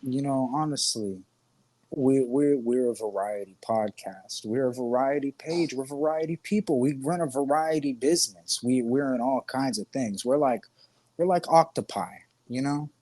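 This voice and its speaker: A man co-hosting a casual podcast, spinning long crude jokes in a husky, slightly rough voice. He swears freely, restarts his sentences and breaks into laughter along the way. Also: mid-range voice, normal speed, a little mellow. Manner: rambling, profane, joking, laughs often. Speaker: podcast co-host.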